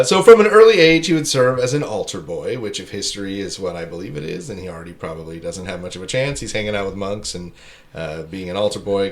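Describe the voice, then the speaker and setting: A man hosting a casual comedy podcast who jokes, laughs often and wanders into asides. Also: lowish voice. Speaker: podcast host.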